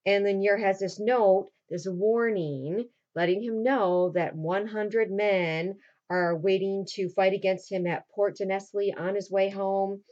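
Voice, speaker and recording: A woman teacher talks her students through a recap in an easy, informal voice, popping into short acted quotes as she goes. Her pitch sits in the middle range. The recording is a bit dull and lo-fi. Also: steady tone, darkish tone. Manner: casual retelling with quick acted quotes.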